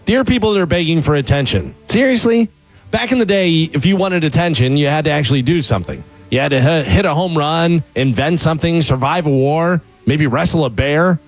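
A man with a somewhat high voice reads a scripted open letter as a comic rant. His delivery is sarcastic and mocking. Faint music plays underneath the recording. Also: expressive, a little fast. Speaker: comedy segment writer.

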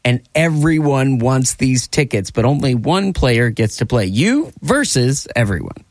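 A man's voice: medium pitch, very animated, unhurried, no room sound. A man hosting a radio call-in contest from a studio, upbeat and teasing the caller. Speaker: radio host. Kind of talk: morning radio call-in game.

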